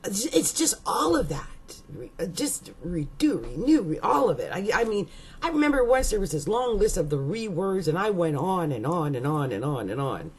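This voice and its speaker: A woman's voice: fairly low pitch, big pitch swings, a little mellow, slight background noise. A woman hosting an astrology video, talking casually to her viewers and playfully running through a long list of words with musing asides. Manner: playful, drawn-out word listing with musing asides.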